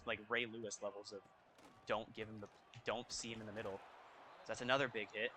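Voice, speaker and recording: Young male gamer, bright forceful voice, excitable play-by-play over faint music. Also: mid-range voice. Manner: excitable, reacting loudly to plays. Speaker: gaming YouTuber. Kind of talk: casual gameplay commentary.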